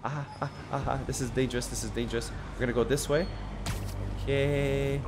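A man streaming a video game, chatting excitedly and joking with his viewers. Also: medium pitch, brisk, noisy background. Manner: excitable, jokey, talks to chat. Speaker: gaming streamer. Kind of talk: live gameplay commentary. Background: game music.

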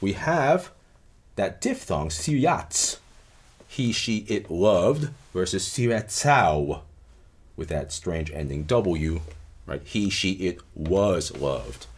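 A man giving a recorded lecture on grammar, measured and explanatory, often checking in with "right?". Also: sits low, very animated, husky.

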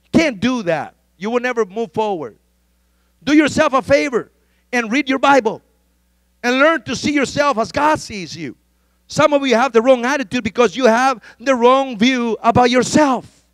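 A male pastor preaching a sermon, fervent and emphatic, repeating his exhortations and rising at times to shouted pleas. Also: very high-pitched, normal speed, long pauses, no room sound.

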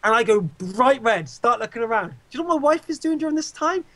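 Animated high-voiced man. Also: fast. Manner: animated, emphatic, repeats himself. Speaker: interviewee, game caster. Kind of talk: casual advice and anecdotes.

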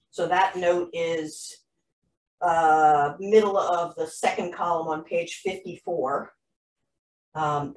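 A woman's voice: on the low side, distant mic, slight background noise, rough recording. A woman teaching a jewelry-making class over a video call, explaining chattily with frequent ums and restarts. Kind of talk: live online class instruction.

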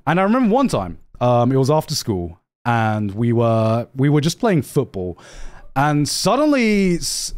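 A man's voice: a little high, a little mellow. A man from the United Kingdom, streaming and telling rambling, profanity-laced stories. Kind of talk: casual stream commentary.

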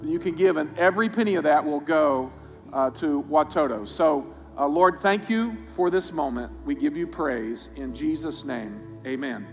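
A man's voice: on the high side, lively intonation, moderate pace. A male pastor leading the offering with a casual, upbeat manner, then praying. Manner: casual, upbeat, hesitant with fillers. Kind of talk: offering appeal and prayer. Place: church sanctuary. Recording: church hall reverb with faint music.

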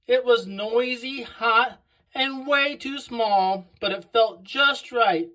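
A woman reading a picture book aloud to children, slow and expressive on the sound words. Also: a little high, poor audio. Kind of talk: read-aloud storytelling for children.

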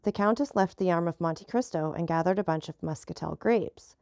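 A woman reads a classic novel aloud at a steady storytelling pace. Her voice has a gravelly texture. The recording is dry, with no room sound. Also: lowish voice, normal speed, no room sound. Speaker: audiobook narrator.

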